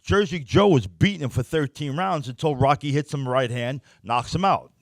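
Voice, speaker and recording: A man's voice: mid-range voice, normal speed, dry recording, studio quality. An older man with a New York accent, bluntly telling stories as an interview guest and often repeating words. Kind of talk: casual storytelling.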